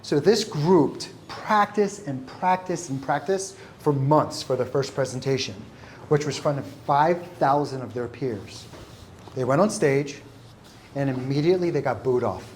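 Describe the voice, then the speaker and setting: A man's voice: medium pitch, unhurried. A man tells a story to a live audience at a networking event, voicing each person in the exchange as he goes. His voice sits in an ordinary middle range. A faint hum of noise runs under the recording. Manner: animated storyteller acting out dialogue. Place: event room before an audience.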